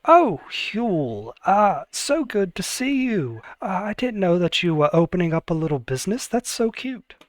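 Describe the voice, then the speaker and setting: A man's voice: sits high, sing-song, a little slow, few pauses, no room sound, voice pushed up. A man voicing a gracious noblewoman artificer.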